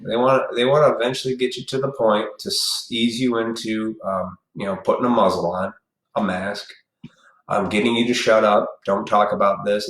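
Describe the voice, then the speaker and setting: A man with a fairly low voice rants bluntly on his own live stream, swearing freely and lecturing his viewers directly. His speech is loose and conversational, full of asides to the audience. The sound is roomy and echoey, like a bare room picked up by a desk mic. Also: fairly bright tone. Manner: blunt, profane, preachy, talks straight to viewers. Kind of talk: casual ranting live stream.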